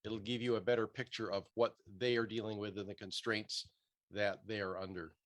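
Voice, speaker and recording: A man's voice: fairly low pitch, little pitch movement, brisk. Earnest man chiming in on a call. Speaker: call participant. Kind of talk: Zoom meeting comment. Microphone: video call.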